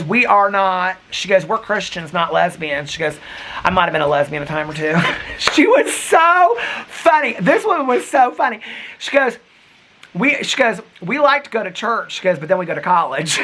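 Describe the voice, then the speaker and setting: A man's voice: a little high, pushed and bright, a little hiss or hum, low-quality recording. A man vlogging casually, gushing and chatty, retelling a night out with lots of "like" and "she goes" quotes. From United States. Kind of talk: casual storytelling vlog.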